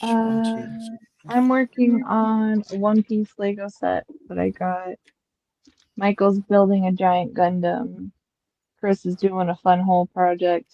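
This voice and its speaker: A woman's voice: medium pitch, flat delivery, slow pace, no room sound, highs cut off. A woman hosting a casual group chat stream while everyone builds sets, teasing and matter-of-fact. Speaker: streamer host.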